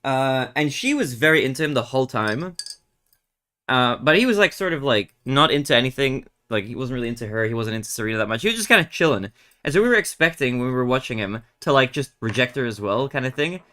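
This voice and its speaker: A young man, a streamer casually chatting and retelling a reality show in a rambling, animated way with lots of fillers. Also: mid-range voice, quick pace. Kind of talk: casual chat while gaming.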